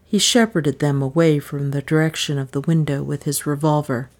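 A woman narrating an audiobook in a measured, even storytelling manner. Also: deep voice.

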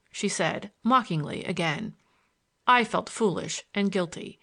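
A woman narrating an audiobook in a measured, expressive storytelling manner. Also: medium pitch, creaky. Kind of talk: scripted narration.

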